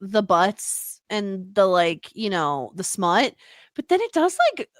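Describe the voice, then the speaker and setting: A young adult woman co-hosting a podcast, chatting casually and gushing with animated enthusiasm. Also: medium pitch, slow pace, no room sound, clean studio sound. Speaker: podcast co-host. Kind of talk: casual chat.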